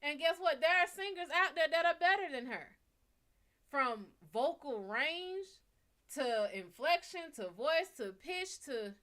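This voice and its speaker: A young woman with a Bayou accent, talking in a blunt, profane, animated way on a casual live stream. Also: measured pace. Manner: blunt, animated and profane, swinging from loud to low. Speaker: live stream reader and host.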